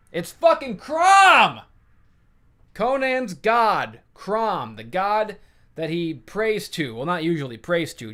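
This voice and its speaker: A male podcast host recapping a comic in loose, animated chat. He swears freely and rambles through the story with restarts and asides. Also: fairly high pitch. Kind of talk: casual comic book chat.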